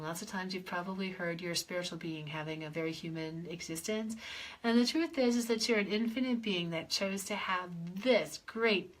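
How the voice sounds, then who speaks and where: Bright, playful woman leading a clearing chant. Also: medium pitch. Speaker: life coach and energy healer hosting a live session. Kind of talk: guided clearing session on a livestream.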